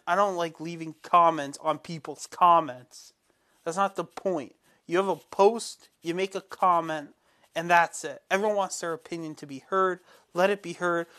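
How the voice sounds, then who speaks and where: A man's voice: on the high side, fairly bright tone. A man hosting a casual commentary show, sharing strong opinions in a rambling way with frequent restarts. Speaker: host.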